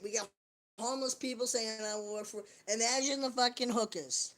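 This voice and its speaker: A woman talking straight to her viewers on a live stream, sliding loosely from one thought to the next and dropping curse words freely. Her voice sits a little higher than most. It has the loose, joking feel of someone chatting alone at home. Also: moderate pace, fairly bright tone. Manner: profane, rambling, jokey. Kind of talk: casual livestream chat.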